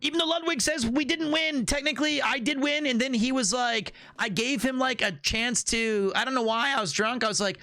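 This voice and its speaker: A man streaming casual chat with his viewers in an animated, playful way, riffing on slang and trip stories and laughing at his own jokes. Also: very high voice, a little fast, hardly any pauses, no room sound. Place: Tokyo, Japan.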